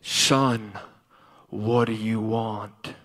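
A preacher booming as God on his throne, slow and deep. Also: steady tone, fairly bright tone, exaggerated voice. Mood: solemn. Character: God speaking from a throne, vast and calm. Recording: long hall reverb.

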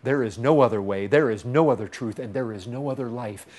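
A man preaching a sermon with impassioned urgency, swinging from loud pleas to hushed intensity, in a repetitive, pleading cadence. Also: mid-range voice, brisk.

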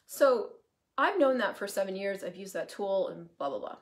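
A woman talks straight to her live viewers in a loose, animated way. She throws in swear words and wanders into asides, and her pitch sits in the middle of her range. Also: normal speed. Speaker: host, coaching facilitator. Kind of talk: casual live-stream monologue.

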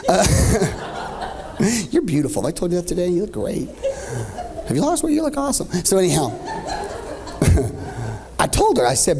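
A man's voice: sits high, sing-song, fairly quick, pauses often, a little mellow, a little hiss or hum. A man in his thirties preaching a sermon as pastor, swinging from joking asides to rising, half-sung climaxes. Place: church stage.

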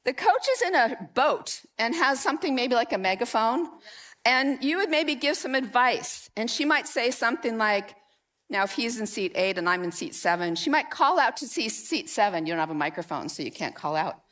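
Woman pastor preaching with lively asides. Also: a little high, moderate pace. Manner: conversational, animated storytelling with audience participation. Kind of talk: sermon. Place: church sanctuary.

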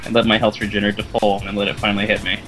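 A man's voice: fairly low pitch, level tone, racing, fairly bright tone, soft background music, rough recording. A young man hosting a let's play, rambling in casual gaming commentary and giggling often. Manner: rambling, giggly, lots of fillers.

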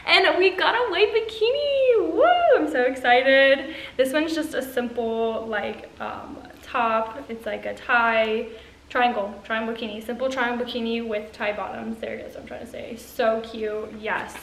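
A woman's voice: a little high, unhurried, gravelly, a bit bright. A woman in her twenties, a vlogger casually unboxing a haul, gushing and bubbly with lots of fillers. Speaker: influencer vlogger. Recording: echoey room with faint ambient noise.

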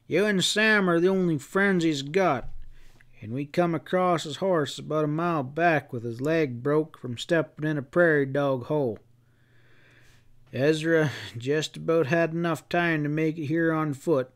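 Grim posse boss out west, read by a man, blunt and threatening, folksy talk, voice a bit on the high side. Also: unhurried. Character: grim angry man leading a frontier posse.

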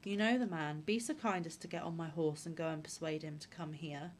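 A woman voicing a naive young farm son from a storybook, earnest and trusting. The voice stays fairly low and plain. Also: fairly quick, slight background noise, close to an everyday voice.

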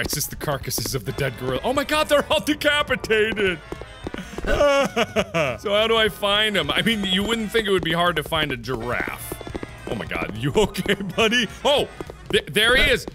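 An excitable young man narrates a chaotic online game, swearing and laughing between lines. His pitch is high and swings widely, yet his pace stays unhurried. Game music plays clearly behind him. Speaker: gaming video host. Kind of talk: let's play commentary.

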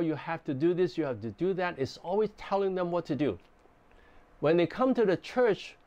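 A man who is a pastor, teaching a sermon in a gentle, explanatory way with frequent restarts. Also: on the high side, lo-fi sound.

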